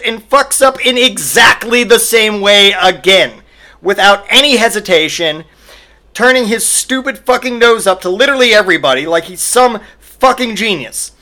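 A man's voice: high-pitched, pushed and bright. A man hosting a podcast, delivering a profane solo comedic rant full of exaggerated mock outrage. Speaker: podcast host.

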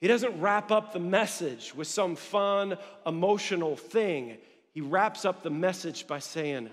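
A young man preaching a sermon from a church stage, earnest and building in intensity, dropping low and quiet for emphasis. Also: unhurried, big-room sound. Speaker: pastor.

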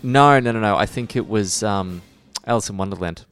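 A man's voice: lowish voice, moderate pace, a bit bright, soft background music. A man co-hosting a podcast, talking in a thoughtful, rambling way with many restarts. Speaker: podcast co-host. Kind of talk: casual podcast chat.

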